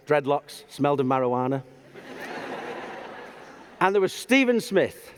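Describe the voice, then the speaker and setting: A man giving a humorous storytelling talk on stage, animated and self-deprecating. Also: fairly high pitch. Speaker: public speaker. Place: large auditorium stage. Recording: long hall reverb.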